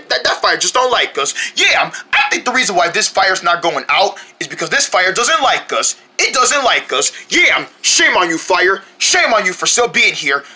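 A woman's voice: mid-range voice, sharp tone, breathy edge. A woman performing playful skits and mock ads, switching between silly character voices.

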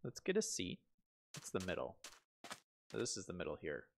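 A man with a low, gravelly voice whose pitch swoops wildly talks at a moderate pace over background noise. He's live-streaming a building game, chatting casually while he plays, asking himself questions and reading viewer comments aloud.

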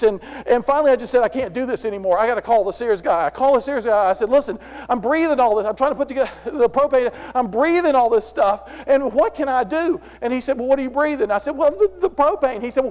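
A middle-aged man giving a motivational philosophy talk to an audience, telling stories and acting out the dialogue. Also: very high voice. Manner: animated storyteller, acts out dialogue. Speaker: philosophy speaker. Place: large room before an audience. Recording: long hall reverb.

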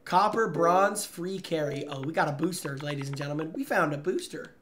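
A young man streaming a game, chattering excitedly to his chat in slangy, excitable commentary. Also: fairly high pitch, a little fast, noisy background. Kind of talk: live gaming commentary.

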